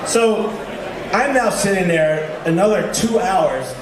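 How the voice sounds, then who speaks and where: A man's voice: sits high, takes it slowly. A man telling an anecdote with animation, swearing freely and acting out what people said. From New York. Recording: echoey, distant, with crowd noise.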